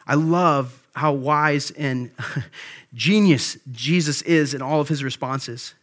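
A man's voice: fairly high pitch, takes it slowly, fairly bright tone. A man pastor giving a sermon in a casual, conversational way, often checking in with "right?".

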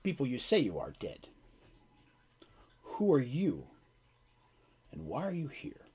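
A man's voice: mid-range voice, wildly swooping pitch, slow, darkish tone, slightly rough, full character voice. A man voicing a stern, short, muscular male gully dwarf guard who demands answers in broken, terse speech. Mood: demanding.

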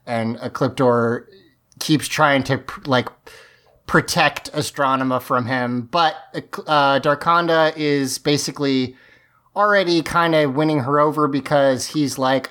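A man's voice: medium pitch, unhurried, fairly bright tone, clear, resonant tone. A man co-hosting a podcast, recapping an episode in a chatty, amused, rambling way. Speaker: podcast co-host. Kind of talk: casual episode recap chat.

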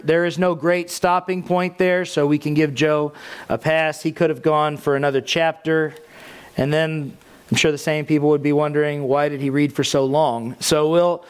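A male pastor preaching a sermon in a relaxed, conversational way, with asides and the odd "um" and "uh". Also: on the high side, smooth.

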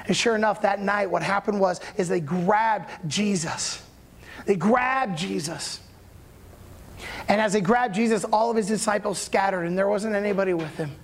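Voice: mid-range voice, a little fast. Conversational pastor telling a story. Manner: conversational, animated storytelling with audience check-ins. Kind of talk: sermon.

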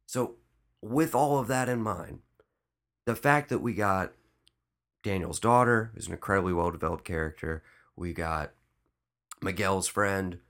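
A man co-hosting a podcast in a studio, chatting casually and excitedly, swearing and saying dude a lot. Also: deep voice, unhurried, long pauses. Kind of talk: casual chat.

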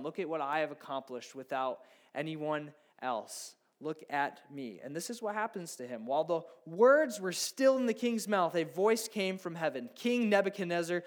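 A man in his thirties preaching a conversational sermon, acting out imagined inner thoughts. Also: fairly high pitch. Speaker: pastor.

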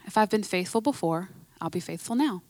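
A woman preacher voicing God as a gentle, reassuring father in a soft, quieter voice. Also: medium pitch, animated, fairly quick, dry recording, close to an everyday voice.

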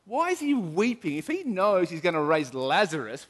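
Middle-aged male pastor, earnest emphatic sermon, high voice, long hall reverb. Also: sing-song, normal speed. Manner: earnest, emphatic, with repeated restarts.

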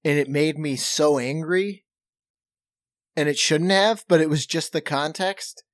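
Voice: mid-range voice, measured pace, no room sound, clean studio sound. A podcast co-host in casual chat, telling a story from work in a chatty way.

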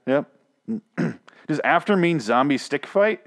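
A man's voice: a little high, lively intonation, slow, long pauses, a bit bright. A man casually recapping and ranting, sarcastic and exasperated, swearing freely. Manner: sarcastic, profane, exasperated storytelling.

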